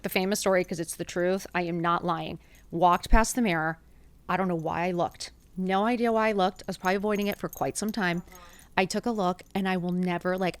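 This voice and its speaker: Expressive woman in her fifties, swearing freely. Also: on the low side. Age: 50s. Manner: emotional, rapid, swears freely, acts out quoted dialogue. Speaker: podcast guest. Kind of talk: candid storytelling interview.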